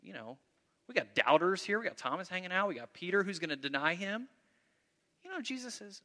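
A man preaching a sermon, with a bright, fairly high voice that rings through a large hall with a long reverb. He talks in an animated way, acts out the voices of the people in his story and often repeats his words. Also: brisk. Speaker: pastor.

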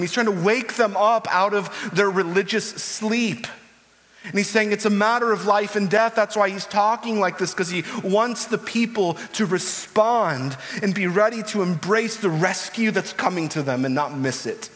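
A man delivering a sermon from the pulpit, earnest and pressing harder as he goes. His voice sits slightly high for a man. A long reverb from the church hall trails after each phrase. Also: normal speed, a bit bright. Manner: earnest, builds to urgent pleading. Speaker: pastor.

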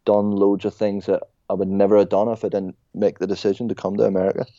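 A man's voice: on the low side, little pitch movement, quick pace, dark tone, dry recording, muffled recording. A young Irish man chatting casually as a podcast guest, telling stories and calling people mate. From Ireland. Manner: chatty storyteller, says mate a lot. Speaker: guest, former soccer player. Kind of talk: casual podcast chat over a call.

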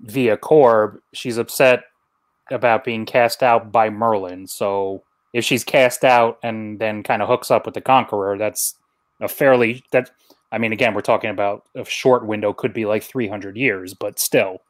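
A man's voice: fairly low pitch, fairly even intonation, measured pace. A man in casual podcast chat who reasons things out step by step.

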